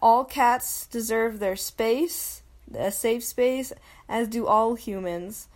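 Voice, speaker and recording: A young woman talks through her solo podcast in a loose, chatty way. She pokes fun at herself, laughs easily and drops into little quoted voices. Her voice sits a touch on the high side. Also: slow pace. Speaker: podcast host. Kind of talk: casual solo podcast monologue.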